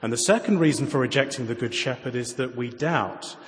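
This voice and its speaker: A man preaching a sermon, moving from raised, emphatic lines to quiet, intimate asides and pointed rhetorical questions. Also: mid-range voice, fairly quick. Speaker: pastor. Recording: long reverb of a large hall.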